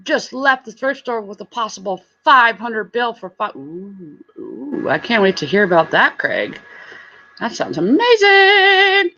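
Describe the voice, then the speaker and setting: A woman who hosts live streams and resells goods chats casually with her audience, greeting viewers by name and laughing often. Her mid-range voice is expressive, bright and pushed, with vocal fry, and she talks at an unhurried pace with few pauses. The lo-fi audio sounds slightly dull.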